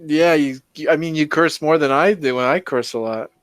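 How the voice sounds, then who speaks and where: A man co-hosting a casual podcast livestream, speaking slowly with many hedges and reading viewer comments aloud. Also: a little high, no room sound. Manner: slow, hedging, reads chat comments aloud. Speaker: podcast co-host.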